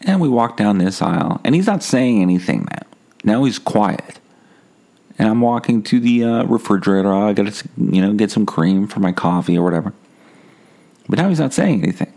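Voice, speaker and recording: A man's voice: lowish voice, animated, moderate pace, vocal fry, warm tone. A man hosting a podcast on his own, rambling and swearing as he tells a story and mocks himself. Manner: rambling, profane, self-mocking. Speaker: podcast host.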